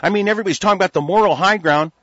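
A man's voice: high-pitched, racing, fairly bright tone, no room sound. A man from the United States in a heated, rambling talk-radio rant, stammering through restarts and swearing freely. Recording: dull lo-fi recording.

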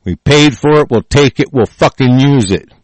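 A man in a profane, furious rant reacting to the news, full of halting restarts. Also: medium pitch, expressive, dry recording.

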